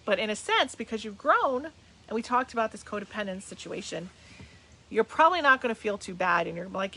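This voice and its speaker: A woman's voice: medium pitch, big pitch swings, brisk, bright, forceful tone, husky. A middle-aged woman from New Jersey hosting a live webcast as a medium, chatting casually and greeting viewers by name. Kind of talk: casual live-stream chat. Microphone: webcam on a video call.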